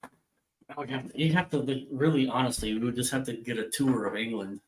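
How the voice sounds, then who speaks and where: A man co-hosting a casual live-stream chat, talking in an animated way and swearing freely as he acts out other people's voices. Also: medium pitch, brisk, roomy sound, low-quality recording. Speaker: co-host.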